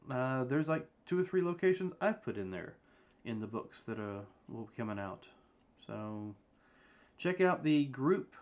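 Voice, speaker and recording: A man giving casual announcements at the start of a live-streamed tabletop game, rambling with many fillers. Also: medium pitch. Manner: rambling, filler-heavy delivery.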